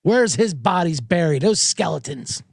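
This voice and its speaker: A man's voice: on the high side, sing-song, normal speed, gravelly, breathy edge, dry recording. A man hosting a podcast, rambling through a casual, irreverent and profane monologue into a close studio microphone. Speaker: podcast host. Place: home studio with monitors.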